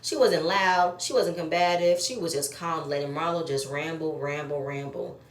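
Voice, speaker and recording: A woman's voice: low-pitched, moderate pace, a little hiss or hum. A woman giving blunt, profane, opinionated commentary while she reviews a reality show episode. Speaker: reality TV recap host. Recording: echoey room.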